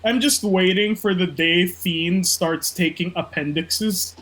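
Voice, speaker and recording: Taking his time, a man whose voice sits high and a bit bright rants and curses heavily as co-host of a casual wrestling podcast from the Philippines, mocking others with impressions. The audio quality is poor.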